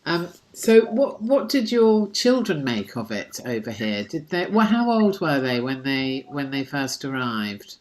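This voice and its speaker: A woman's voice: extremely low pitch, big pitch swings, unhurried, few pauses. A woman from England, interviewing in a chatty way with frequent hesitations. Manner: chatty, warm questions with hesitations. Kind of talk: casual interview.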